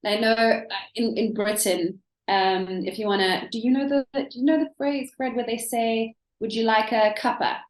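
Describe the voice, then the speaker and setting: A South African woman, an English teacher, chatting as a guest in an interview, animated and thinking aloud with lots of ums. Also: on the high side, moderate pace, few pauses. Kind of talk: casual interview chat. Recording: echoey room.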